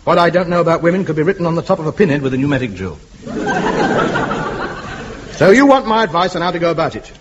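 Pompous boastful blowhard. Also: male voice, a little high, big pitch swings, quick pace, pauses often, very noisy. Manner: bombastic, mock-grand boasting. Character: pompous boastful middle-aged man, self-important. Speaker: sitcom lead. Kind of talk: 1950s radio comedy acting. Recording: dull old radio broadcast, loud audience laughter.

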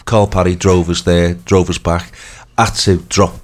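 Man, very deep voice, croaky, rambling radio host chat, lots of ums. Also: level tone, a little slow. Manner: rambling, full of ums and restarts. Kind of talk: casual chat.

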